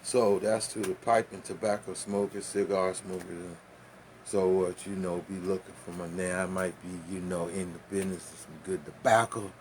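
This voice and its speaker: A man's voice: sits low, level tone, moderate pace, darkish tone, a little hiss or hum. A man telling a loose, profane, laughing story and showing how to roll tobacco. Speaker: vlogger. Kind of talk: casual storytelling and demonstration.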